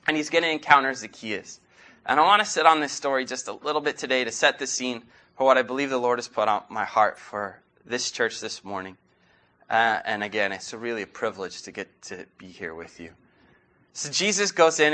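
Bright-voiced man preaching a sermon. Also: mid-range voice. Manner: earnest storytelling with rhetorical questions. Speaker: guest preacher. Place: church.

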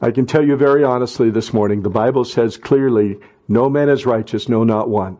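A middle-aged man preaching a sermon as pastor, talking conversationally and then rising to loud impassioned cries. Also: mid-range voice, fairly quick.

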